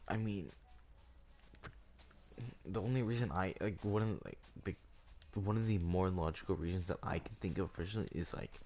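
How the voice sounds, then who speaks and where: A man ranting over gameplay as the channel's host, rambling and circling back over the same point with lots of "like" fillers. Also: low voice. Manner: rambling, repeats himself, leans heavily on "like".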